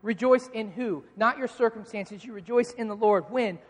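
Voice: mid-range voice, moderate pace, long reverb tail. A pastor preaching a sermon, asking rhetorical questions and answering them, repeating key lines for emphasis.

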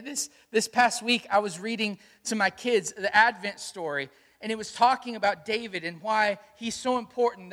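A man preaching a sermon as a pastor, telling stories and asking the congregation questions. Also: high-pitched. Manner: storytelling, animated, asks the congregation questions. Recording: long hall reverb.

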